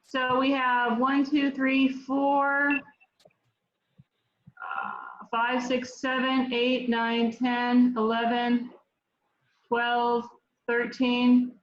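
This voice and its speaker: A woman calling the roll at an online meeting, drawn-out and apologetic, on a muffled call with faint noise. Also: on the high side, completely flat delivery, roomy sound. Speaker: board secretary calling roll. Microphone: video call.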